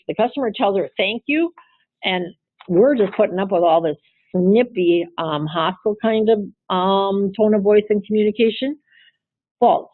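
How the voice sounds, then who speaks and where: A woman's voice: medium pitch, dry recording. A woman employment lawyer giving a conversational webinar lecture, chatty and full of rhetorical questions to her listeners. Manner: chatty, asks the audience rhetorical questions, frequent "you know" and "um". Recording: tinny phone-line audio, dry.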